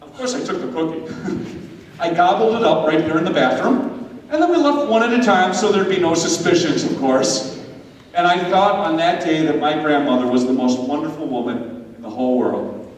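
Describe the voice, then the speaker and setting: Animated man speaking in an echoey hall. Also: a little high, moderate pace. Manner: animated, addresses listeners directly. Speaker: speaker at a confirmation retreat. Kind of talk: storytelling talk. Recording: echoey hall from far off with faint noise.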